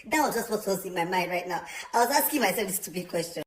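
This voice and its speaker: A young man telling a storytime vlog, chatty and animated, with many fillers. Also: sits high, fast, hardly any pauses. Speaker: vlogger. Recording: roomy echo.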